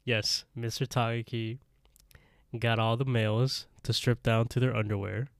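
A man co-hosting a podcast, casually recapping an anime episode in an animated, laughing way. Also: mid-range voice, normal speed, creaky, dry recording, studio quality. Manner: animated storytelling, laughs often. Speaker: podcast co-host.

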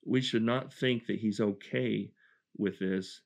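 Earnest man preaching, low and gravelly. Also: fairly even intonation, slow pace. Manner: earnest and reflective, with restarts. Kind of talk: sermon, verse-by-verse Bible teaching.

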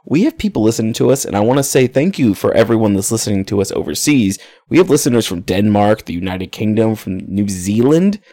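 A man with a fairly low voice co-hosts a casual film podcast. He speaks earnestly and thankfully to his audience. The sound is dry and close. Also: expressive, fairly quick, few pauses, dark tone, dry recording. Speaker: podcast co-host. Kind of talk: casual chat.

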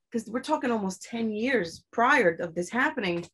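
A woman's voice: a little high, animated, moderate pace, a bit bright, husky. A young adult woman telling a personal story in a candid, blunt way, swearing often and pressing her points with emphasis.

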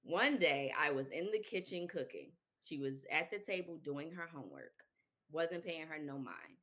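A young adult woman, a children's book author, telling her story in an interview, lively and laughing often. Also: low voice, moderate pace. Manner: animated, laughs often, acts out quotes.

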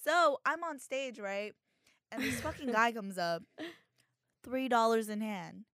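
A woman's voice: on the high side, measured pace, fairly bright tone, no echo, studio quality. A young woman co-hosting a podcast, telling a work story in casual, profane chat and laughing often. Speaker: podcast co-host.

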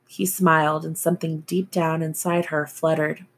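A woman narrating a novel as an audiobook reader, in a slow, even storytelling manner. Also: low voice.

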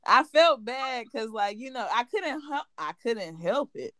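A woman's voice: fairly high pitch, very animated, unhurried, crowd noise. A woman in casual chat, telling a customer story and laughing hard at it.

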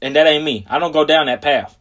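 A young man hosting his own podcast, talking casually and rambling, swearing often and slowing right down to stress key phrases. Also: fairly high pitch, a bit bright. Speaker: podcast host. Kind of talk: casual solo podcast talk.

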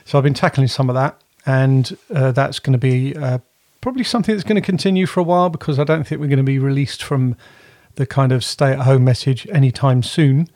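A man's voice: medium pitch, fairly even intonation, brisk, few pauses, darkish tone, dry recording, studio quality. A man co-hosting a podcast from home, chatting in a rambling way and often correcting himself. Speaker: podcast co-host. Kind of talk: casual chat.

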